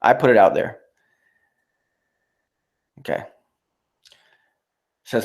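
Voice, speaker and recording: A man's voice: on the low side, lively intonation, normal speed, creaky. A man hosting his own livestream, ranting in a profane, mocking, rambling way. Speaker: YouTube livestreamer. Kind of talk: casual livestream rant.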